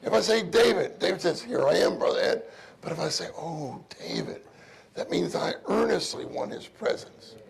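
A man giving an informal, earnest sermon at a meeting, crying out loudly when he calls on the Lord. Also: sits high, animated, brisk, creaky, slightly rough. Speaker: preacher at a church meeting.

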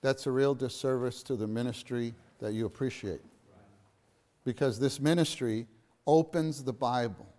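A man's voice: medium pitch, moderate pace, a little mellow. A middle-aged man leads a church lesson in a meeting room with listeners, speaking earnestly. His voice sits in an ordinary middle register. He repeats key phrases to stress a point. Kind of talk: church teaching talk to a gathering.

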